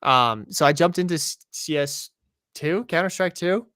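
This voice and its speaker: A young man hosting a casual podcast, talking in a loose, rambling way and making fun of himself. His voice is bright and a little high for a man. The sound is dry and close. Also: moderate pace, no room sound. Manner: rambling, self-deprecating. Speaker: podcast host. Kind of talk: casual chat.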